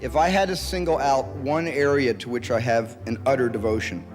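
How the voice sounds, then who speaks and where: A man's voice: mid-range voice, a little fast. A man, a filmmaker, giving an earnest, reflective prepared speech. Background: music.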